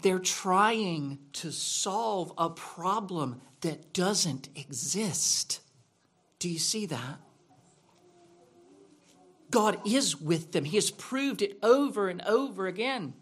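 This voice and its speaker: A man's voice: sits high, lively intonation, slow, a bit bright, husky. A man preaching a sermon in a church, asking rhetorical questions in a conversational way. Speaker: pastor.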